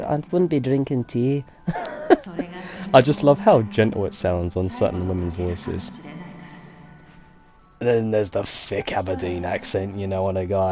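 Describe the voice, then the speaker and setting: A man's voice: fairly low pitch, a little slow, over music. A man chatting casually while playing a game, rambling, laughing easily and swearing. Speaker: let's-play gamer. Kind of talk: casual commentary chat.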